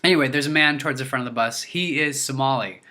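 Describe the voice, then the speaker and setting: A young man telling a story to his viewers in a casual, animated way, full of restarts, his voice leaping up when he quotes himself. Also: mid-range voice, fast talker. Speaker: vlogger.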